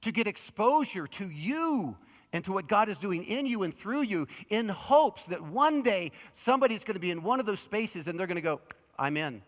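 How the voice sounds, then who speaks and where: A male guest pastor preaches in a large church auditorium, his fairly high voice carried by a long hall reverb. He talks in a conversational storytelling way, pressing hard on some points and dropping almost to a hush on others. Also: lively intonation, normal speed. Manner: conversational storytelling preacher, swings between emphatic and hushed. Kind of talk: sermon.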